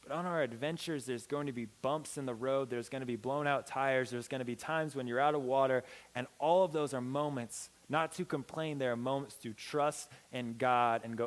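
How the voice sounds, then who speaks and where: A young man giving a youth sermon as a pastor, telling a story with lively acted-out dialogue. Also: moderate pace, few pauses. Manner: animated, acts out quoted dialogue with big pitch swings. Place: church hall. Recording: long hall reverb.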